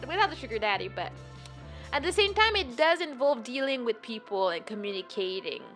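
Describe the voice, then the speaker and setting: A young adult woman streamer chatting casually on a live stream, rambling and animated as she answers her chat. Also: sits high. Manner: rambling, animated, reads chat aloud and replies. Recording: light music playing behind.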